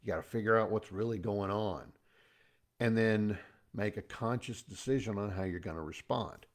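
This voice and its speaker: A man's voice: fairly low pitch, moderate pace. A middle-aged man giving a casual motivational talk as host, chatty and folksy, with pop-culture asides.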